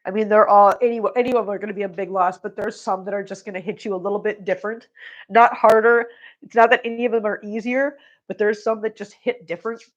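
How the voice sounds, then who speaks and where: A woman's voice: mid-range voice, steady tone, fast. A woman hosting a cat channel livestream, chatting casually and tenderly to her cats while she scoops litter boxes. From Missouri. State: tearful. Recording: dull lo-fi audio.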